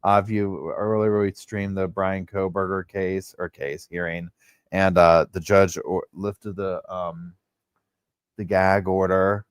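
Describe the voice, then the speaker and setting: A man's voice: deep voice, flat delivery, slow, clean tone, no room sound, studio quality. A man hosting a true crime livestream, chatting casually and rambling in a drowsy way.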